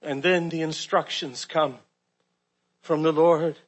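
A man preaching a sermon, earnest and asking rhetorical questions, often dropping soft and low at key words. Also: steady tone, slow, muffled recording.

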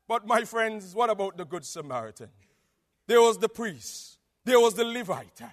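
A man preaching an evangelistic sermon with a Nevisian Caribbean accent, swinging between hushed tones and shouting. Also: high voice, animated, moderate pace. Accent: Nevisian Caribbean English. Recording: long reverb of a large hall.

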